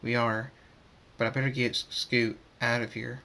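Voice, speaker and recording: A man voicing a calm, protective male pony king who speaks quietly and steadily. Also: mid-range voice, moderate pace.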